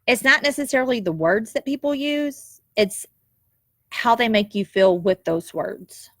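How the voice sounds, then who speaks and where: A woman's voice: a little high, animated, unhurried, no room sound, studio quality. A woman, telling a personal story in an emotional, heartfelt and reflective way, tearful at times. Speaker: nurse sharing a personal story.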